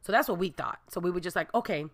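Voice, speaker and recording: A woman telling a comic personal anecdote, animated and expressive, breaking into shrieks and Spanish exclamations. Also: fairly low pitch, fast talker. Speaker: storyteller.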